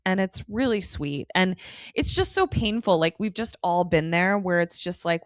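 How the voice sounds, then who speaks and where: A middle-aged woman co-hosting a podcast, recapping an episode in a casual, animated way and slipping into quoted voices. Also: lowish voice, measured pace, smooth, no echo, studio quality. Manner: animated storytelling, slips into quoted voices, swears. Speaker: podcast co-host.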